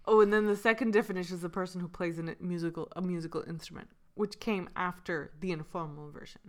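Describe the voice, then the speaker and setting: A woman's voice: fairly low pitch, steady tone, fast. A woman co-hosting a casual podcast chat, playful and giggly as she reads definitions aloud. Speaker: podcast co-host.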